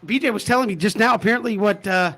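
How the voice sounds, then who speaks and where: High-voiced male radio host. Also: quick pace, pushed and bright. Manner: amused, steers back to the show. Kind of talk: sports radio hosting.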